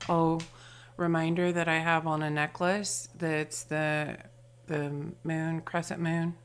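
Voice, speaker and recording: A woman giving an intuitive tarot and charm reading, gentle and affectionate, often trailing off into soft murmurs. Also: low voice, little pitch movement, slow. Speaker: tarot reader and channeler.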